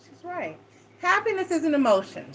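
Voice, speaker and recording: A woman's voice: very high voice, big pitch swings, moderate pace, noisy background. A woman giving a casual, rambling tarot reading, frank and a bit salty, acting out quoted talk with a raised voice. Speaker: tarot reader.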